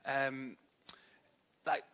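Bright-voiced English preacher, chatty. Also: male voice, medium pitch, monotone, very slow, clear, resonant tone. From England. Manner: chatty and self-deprecating, many fillers, laughs easily. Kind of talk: sermon with personal storytelling.

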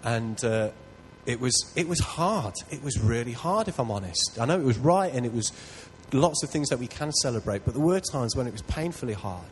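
A man preaching a sermon tells a personal story in an earnest, self-deprecating manner that builds to loud excitement. His voice is medium-pitched, and the rough recording carries slight background noise.

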